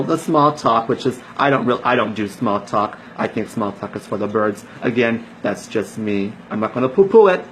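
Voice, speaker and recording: A man's voice: mid-range voice, slight background noise, rough recording. A man, a network marketer, giving a casual motivational talk to his team, emphatic and preachy, repeating phrases for stress.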